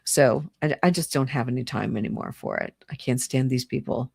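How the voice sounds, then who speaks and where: A middle-aged woman with a low voice rants heatedly to her viewers. She rambles, restarts her sentences and sounds indignant throughout. The recording is dry and close. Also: a little fast, vocal fry, darkish tone, husky, dry recording. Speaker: channel host. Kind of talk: solo political rant to camera.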